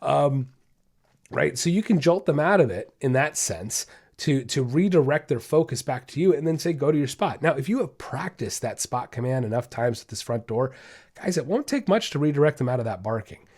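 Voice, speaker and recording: A man hosts a dog-training podcast in a relaxed, chatty voice. His pitch sits in the middle range for a man. He keeps checking in with listeners as he walks them through each step. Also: normal speed, breathy edge. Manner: casual, upbeat, addresses listeners as guys, many okays and rights. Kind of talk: instructional podcast talk.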